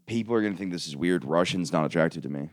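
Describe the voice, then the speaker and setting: A man's voice: sits low, racing, dry recording, clean studio sound. A man hosting a podcast in loose, jokey casual chat, now and then slipping into silly voices. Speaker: podcast host.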